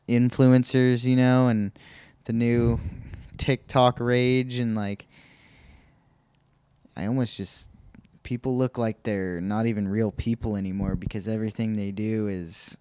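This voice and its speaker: Rambling young man, smooth voice. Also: on the low side, steady tone, unhurried, a little mellow, no room sound. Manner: rambling, hesitant, many restarts. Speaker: podcast co-host. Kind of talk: casual chat.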